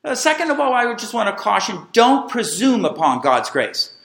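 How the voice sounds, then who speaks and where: Speaking at normal speed, this middle-aged pastor has a high, bright yet gravelly voice. He preaches with lively, forceful swings and calls on the congregation to respond, his words bouncing around a reverberant room.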